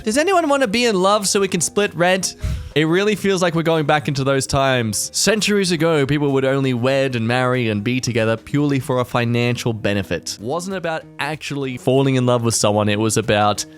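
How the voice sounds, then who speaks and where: A young man hosting a comedic reaction video, sarcastic and quick to laugh at his own jokes. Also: medium pitch. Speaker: reaction channel host.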